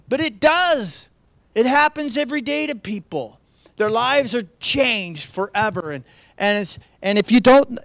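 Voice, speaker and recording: A man's voice: high voice, a bit bright, dry recording. A man giving a sermon as a pastor, earnest and conversational, often restarting and asking rhetorical questions. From United States.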